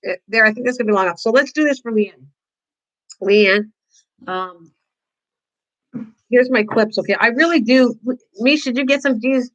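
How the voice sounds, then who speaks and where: A woman's voice: fairly high pitch, a bit bright, low-quality recording. An older woman hosting a casual live-stream craft tutorial, chatting with viewers, teasing them and laughing often.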